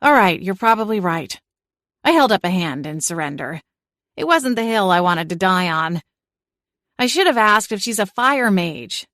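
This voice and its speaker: A woman's voice: on the low side, big pitch swings, normal speed, fairly bright tone, dry recording, clean studio sound. Woman narrating a cozy audiobook. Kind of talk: first-person audiobook narration.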